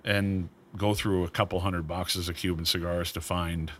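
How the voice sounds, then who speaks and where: A man's voice: low-pitched, flat delivery, normal speed, fairly bright tone, slight background noise. A man being interviewed, telling casual stories and acting out the voices of people he quotes. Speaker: cigar brand founder, guest.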